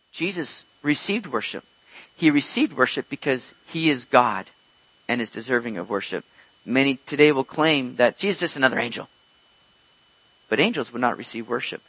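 A man's voice: mid-range voice, pushed and bright, husky, no echo, rough recording. A man preaching an earnest expository sermon as pastor, teaching emphatically with rhetorical questions.

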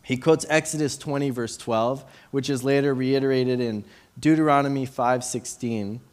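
A young man in his late twenties talks through a Bible passage in a relaxed, chatty way. He fills the gaps with ums and likes and restarts his sentences as he goes. His pitch sits right in the middle for a man. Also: moderate pace. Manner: casual, many fillers and restarts. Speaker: Bible teacher. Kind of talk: informal Bible teaching with a personal story.

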